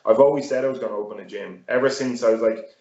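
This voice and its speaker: A man's voice: mid-range voice, quick pace, mellow. An Irish man chatting casually as an interview guest, rambling with many fillers and restarts. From Ireland. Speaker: guest fighter and gym owner. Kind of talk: casual chat. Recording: roomy, dull-sounding audio.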